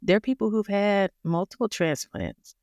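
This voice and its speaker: A woman as a podcast guest, telling a personal story in a casual, animated way and laughing along the way. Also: medium pitch, normal speed, no echo, studio quality.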